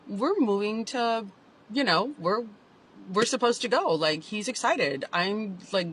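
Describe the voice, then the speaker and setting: Bright, lively woman telling a painful story. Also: mid-range voice, measured pace, slightly rough, low-quality recording. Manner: emotional, confessional, fillers of "like". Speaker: vlogger telling her own story. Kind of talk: candid storytime vlog.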